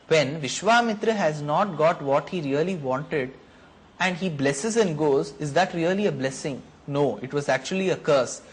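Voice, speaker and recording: A man narrating and explaining an ancient epic in a reflective, explanatory way. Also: on the high side. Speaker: storyteller. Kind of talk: narrating a mythological story.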